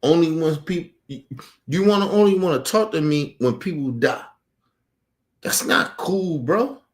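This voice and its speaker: A man's voice: fairly high pitch, expressive, unhurried. Angry, profane man ranting. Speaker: streamer. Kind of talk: heated personal rant.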